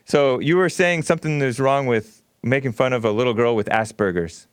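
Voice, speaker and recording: A man's voice: mid-range voice, brisk, clean tone, no echo. A man hosts a call-in radio show and pushes back on callers in a blunt, provocative way. His voice sits in a middle range. The studio sound is dry and close. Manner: blunt, provocative, laughs often. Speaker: radio talk show host.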